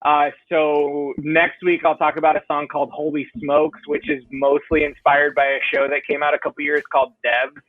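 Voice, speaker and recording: A man's voice: fairly high pitch, moderate pace, gravelly, hardly any pauses, no echo, narrow, tinny audio. A man being interviewed on a podcast as a band vocalist, talking in a rambling, self-deprecating way with many fillers. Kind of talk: casual interview chat.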